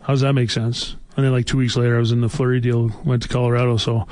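A man's voice: medium pitch, little pitch movement, quick pace, a little mellow, dry recording. A man in his forties, a former hockey player, telling rambling stories full of fillers in a casual talk show chat. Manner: rambling, filler-heavy anecdotes. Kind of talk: casual storytelling.

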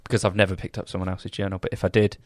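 A young man with a lowish voice rambles through his thoughts, full of restarts and self-doubt. The sound is close and dry. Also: flat delivery, very fast, a little mellow, no echo. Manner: rambling, self-deprecating, hesitant. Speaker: podcast co-host, business owner. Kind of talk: casual chat.

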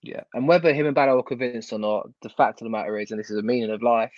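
A man's voice: medium pitch, racing, dry recording. A man in casual football chat, blunt and ranting, with some swearing. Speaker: football podcast co-host. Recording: dull lo-fi sound.

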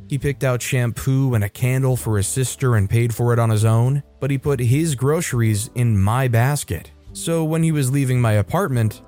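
A man reading online forum posts aloud in a steady, even narration with brief comments of his own. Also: medium pitch. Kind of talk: scripted story narration.

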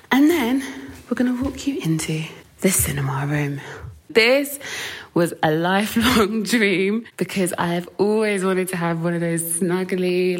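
A young woman chatting casually as a guest, bubbly and full of "like". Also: on the low side. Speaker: guest singer. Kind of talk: casual chat and home tour.

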